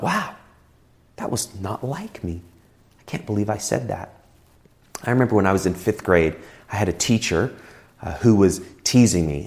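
A man's voice: on the low side, darkish tone. A man preaching a sermon as a pastor, conversational and telling personal stories. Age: adult with children.

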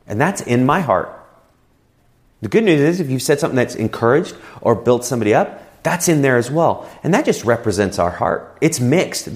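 A man's voice: mid-range voice, darkish tone. A man preaching a sermon as a pastor, conversational and telling personal stories. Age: adult with children.

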